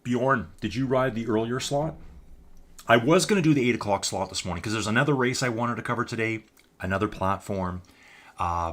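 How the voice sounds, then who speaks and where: A man's voice: lowish voice, fairly bright tone. A man giving live, chatty commentary on a virtual cycling race, talking to his viewers as folks and reading out the chat.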